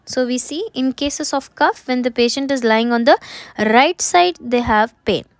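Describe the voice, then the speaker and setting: A woman's voice: sits high, a little slow, dry recording. A woman lecturing on a medical remedy, restating each point and posing questions to herself before answering them. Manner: repeats points, asks and answers own questions.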